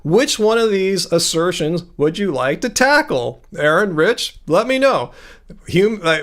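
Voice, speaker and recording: Male livestream host, fairly high voice, confrontational, demanding answers in a casual debate. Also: big pitch swings, unhurried, a bit bright. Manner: confrontational, pressing a commenter for answers. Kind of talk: casual live-stream debate.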